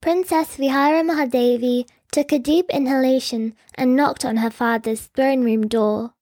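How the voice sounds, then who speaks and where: Woman storyteller, high pitch, close dry sound, scripted narration with wry asides. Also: fairly even intonation, normal speed, darkish tone, dry recording.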